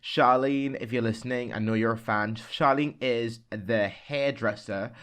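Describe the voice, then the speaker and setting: A man's voice: medium pitch, unhurried, a bit bright, clear, resonant tone. A man co-hosting a casual podcast from home, sassy and dramatic, swearing freely and joking with his co-host. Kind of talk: casual chat. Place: home room with an open window.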